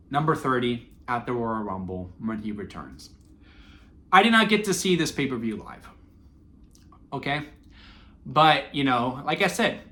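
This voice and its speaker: Twenties guy with a bright sharp voice, rambly earnest vlog chat, lots of ums and restarts. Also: mid-range voice, a little hiss or hum. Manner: earnest, sentimental, excitable, many fillers and restarts. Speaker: wrestling vlogger. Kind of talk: casual rambling storytelling.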